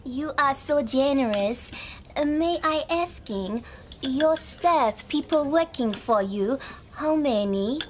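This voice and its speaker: An earnest, polite visitor from Thailand, speaking halting English with a Thai accent. She talks slowly in a high voice, with a faint hiss behind her. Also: lively intonation. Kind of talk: TV soap drama acting.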